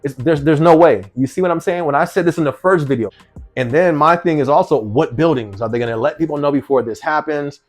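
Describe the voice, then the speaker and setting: A man's voice: fairly high pitch, brisk, faint music behind. A man from New Jersey talking casually to camera, reading out a news article and reacting to it with rhetorical questions and frequent laughs. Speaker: vlogger.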